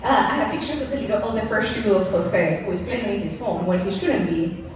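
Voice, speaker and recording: A woman's voice: mid-range voice, animated, fairly quick, background noise. A woman in her thirties giving a candid, personal storytelling speech to an event audience, often laughing and turning to the crowd with asides. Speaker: keynote speaker. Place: large event venue. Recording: echoey hall mic from far off.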